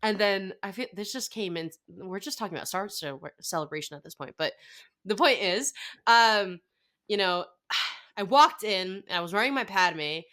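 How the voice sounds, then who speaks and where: A young woman guest on a podcast, telling a story in casual chat. She gushes excitedly and fills her talk with "like". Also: mid-range voice, moderate pace. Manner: excited, gushing storytelling full of "like".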